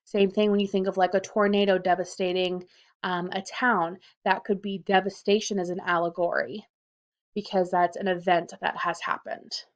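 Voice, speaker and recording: A woman high school teacher narrating a recorded lesson over slides, explaining things clearly and reading out questions and answers. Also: little pitch movement, moderate pace, dull audio.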